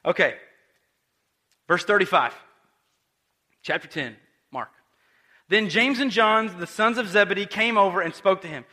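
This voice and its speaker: Lively high-voiced male pastor. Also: unhurried, pauses often. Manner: animated storytelling with acted quotes and direct questions to the audience. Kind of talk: conversational sermon.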